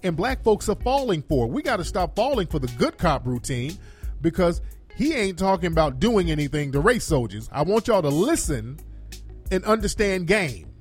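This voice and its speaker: Male commentator, animated delivery on the high side, emphatic and preachy. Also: normal speed, faint music behind. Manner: emphatic, preachy, addresses viewers directly. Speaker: political commentator. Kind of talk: reaction commentary to a clip.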